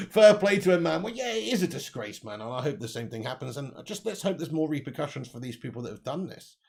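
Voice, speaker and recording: A young man with a gravelly, slightly high voice chats through a football livestream. He talks bluntly and swears a lot, addresses his viewers directly and reads out comments from the live chat. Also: big pitch swings, fast, hardly any pauses, darkish tone. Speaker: football channel livestream host.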